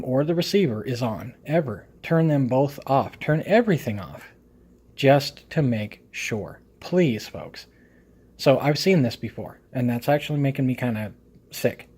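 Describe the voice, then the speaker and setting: A man's voice: medium pitch, a little mellow. A man giving a casual video review, talking emphatically in a lecturing way and checking in with "okay?" again and again. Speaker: product reviewer.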